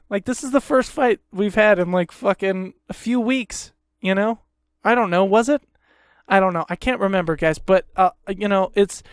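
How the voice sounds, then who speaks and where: A podcast host rants heatedly in a casual, profane way, repeating himself. His high-pitched voice is smooth, with clean studio sound and no room sound.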